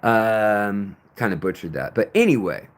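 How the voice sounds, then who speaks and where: A man's voice: fairly low pitch, expressive, measured pace. A man hosting a casual late-night livestream from outdoors, rambling loosely and greeting viewers by name. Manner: loose and rambling, reads chat names, sometimes raps along. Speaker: livestream host.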